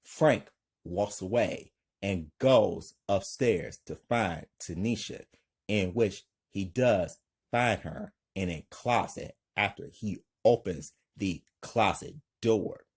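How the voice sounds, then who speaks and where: A man with a husky voice slowly reading his own action script aloud, stage directions included. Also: low voice. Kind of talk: amateur script read-aloud.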